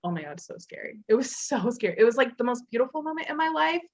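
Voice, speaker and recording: A woman's voice: fairly high pitch, animated, quick pace, rough recording. A young woman co-hosting a podcast in casual chat, talking loosely with lots of fillers. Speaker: podcast co-host.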